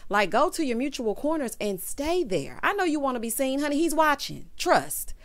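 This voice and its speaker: A woman's voice: sits high, sing-song, moderate pace. A woman recapping a reality show in a sassy, casual commentary, constantly calling listeners honey and child.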